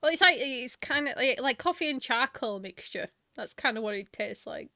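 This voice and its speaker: A woman's voice: fairly high pitch, lively intonation, moderate pace, vocal fry, pushed and bright, no echo, studio quality. A woman chatting casually and laughing easily. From Northern England. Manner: giggly, easygoing. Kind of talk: casual chat.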